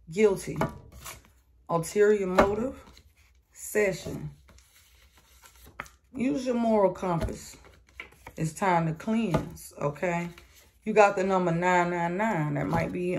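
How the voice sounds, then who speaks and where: A woman's voice: lowish voice, gravelly, a little mellow, a little hiss or hum. A woman doing a casual collective tarot reading, talking bluntly with slang and profanity and calling listeners sweetheart. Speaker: tarot reader.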